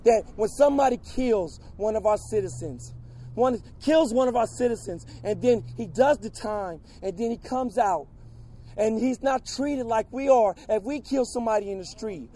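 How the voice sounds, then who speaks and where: Furious shouting man, very high voice. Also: normal speed. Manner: angry, shouting, repeats questions. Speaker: protester. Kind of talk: impassioned public speech.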